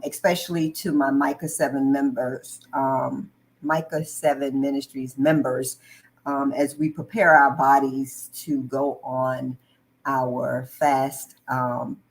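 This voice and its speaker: A woman's voice: rumbling low, fairly even intonation, slow, rough recording. A woman hosting a live online talk show, friendly and full of "um"s, greeting viewers as she talks. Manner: friendly, filler-heavy, greets viewers mid-sentence. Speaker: host.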